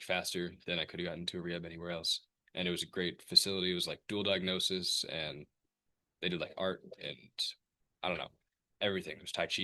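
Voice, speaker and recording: Deep, flat-voiced young man telling his story. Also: no echo. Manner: casual, rambling, many fillers and "like"; candid, with self-mocking laughs. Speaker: speaker sharing his recovery story. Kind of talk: personal recovery testimony.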